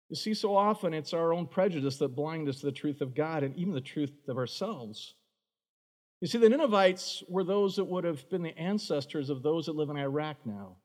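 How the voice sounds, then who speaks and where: A man delivers a sermon as pastor, his voice sitting fairly high. He talks emphatically and slips into quoted prayers now and then. The words hang in a long hall reverb. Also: a little mellow.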